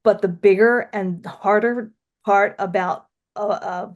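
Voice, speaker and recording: A woman's voice: medium pitch, fairly even intonation, slow, highs cut off. Middle-aged woman frank, chatty storyteller with a Delaware County accent. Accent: Delaware County, Pennsylvania. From Philadelphia area, USA. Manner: chatty, frank, laughs often, tells stories. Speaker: guest, author and former radio broadcaster. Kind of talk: casual interview chat.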